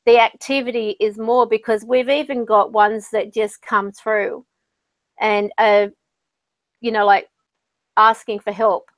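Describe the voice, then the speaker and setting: A woman who hosts and works as a spiritual medium speaks in a slightly high voice with little pitch movement, at a measured pace, with no echo. Her talk is casual and chatty as she tells stories and acts out what other people said in quoted voices.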